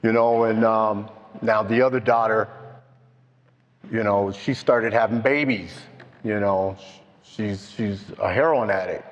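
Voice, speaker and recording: An older man telling his own story at a recovery meeting, slow and halting, heartfelt. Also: lowish voice. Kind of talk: personal testimony. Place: meeting hall. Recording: dull, with long hall echo.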